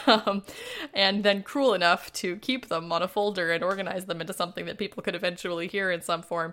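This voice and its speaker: A woman hosts a podcast in relaxed chat over a video call. She is playful and quick with a joke. Her voice has a bright, forceful edge. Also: mid-range voice. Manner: playful, jokey. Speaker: podcast host. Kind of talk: casual chat.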